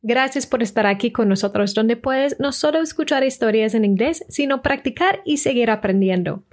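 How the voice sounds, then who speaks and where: A young adult woman from the United States, an English teacher hosting a podcast lesson, explaining clearly and switching between English and Spanish. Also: a little high, animated, fast talker, a little mellow.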